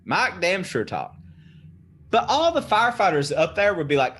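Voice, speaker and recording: Young male podcast guest with a slightly high, very expressive voice, telling a story casually. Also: moderate pace, husky. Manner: animated, swearing, laughing storyteller.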